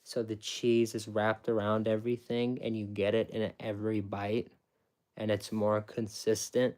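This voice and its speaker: Speaking at a measured pace in a lowish, level, slightly mellow voice, this man used to work in a sandwich shop. His casual, step-by-step account of making sandwiches is emphatic and full of repetition and restarts.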